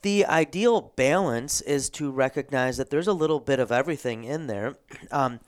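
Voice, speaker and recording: A man, a pastor, hosting a theological discussion, thoughtful and a bit halting, often clearing his throat. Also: mid-range voice. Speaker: Lutheran pastor and host.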